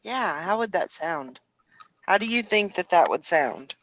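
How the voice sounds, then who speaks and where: A woman's voice: fairly low pitch, lively intonation, measured pace, a bit bright, dry recording, low-quality recording. A woman hosting a casual morning chat show, chatty and laughing often. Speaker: show host.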